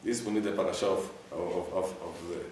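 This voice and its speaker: During a weekly Torah class, a rabbi questions his students and sprinkles in Hebrew phrases. He speaks quickly in a low, steady, darkish voice. The recording comes from an echoey room with a distant mic.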